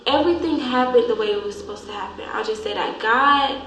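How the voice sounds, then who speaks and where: A young woman hosting a vlog, telling a painful memory in a halting, grieving way that trails off softly. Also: a little high, a little hiss or hum. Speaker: vlog host. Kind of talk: emotional storytelling. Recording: echoey room.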